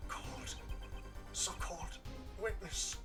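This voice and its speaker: A man's voice: high voice, distant mic, over loud music, pitched above the performer's own voice. Give me a man doing a dying man in a game, gasping in faint, broken phrases. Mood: gasping, fading. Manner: broken, halting, faint gasps. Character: dying shot man gasping out last words.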